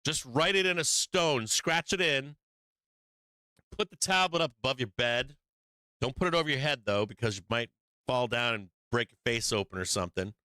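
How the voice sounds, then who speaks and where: Brash male stream host with a bright, clear voice, swearing freely and repeating his points for emphasis. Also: mid-range voice, normal speed, no room sound. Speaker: stock market show host. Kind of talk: livestream market commentary.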